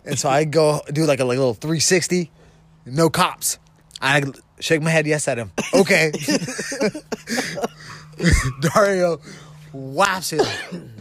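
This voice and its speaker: A man's voice: on the high side, a little slow, vocal fry, pauses often, a bit bright. A young man from the Pacific Northwest telling a rambling, laughing story on a casual podcast, recorded outdoors in the cold. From Vancouver, Washington. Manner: rambling, laughs through his story, swears freely. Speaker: podcast co-host.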